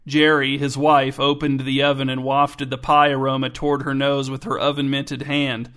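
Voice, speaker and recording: A man narrating a comic story in a deadpan, scripted way. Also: mid-range voice, moderate pace.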